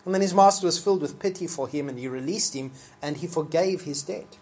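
A preacher giving a sermon in a relaxed, conversational way with fillers, now and then acting out the people quoted. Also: mid-range voice, brisk.

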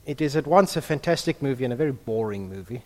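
A man in the role of pastor, praying softly and then preaching with emphasis. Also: medium pitch, fast. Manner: hushed in prayer, then lively and emphatic preaching. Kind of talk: prayer and sermon. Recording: long reverb of a large hall.

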